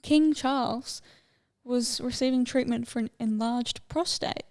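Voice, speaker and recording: Chatty young woman with gravelly fry. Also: fairly high pitch, unhurried, darkish tone. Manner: chatty, rambling, easily sidetracked. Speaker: podcast co-host. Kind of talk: casual chat.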